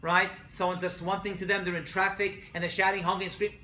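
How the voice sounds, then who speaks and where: A man, a rabbi, giving a jokey, animated lecture to college students and asking them questions. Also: high voice, fast talker, echoey room, a little hiss or hum. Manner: jokey, asks the class questions.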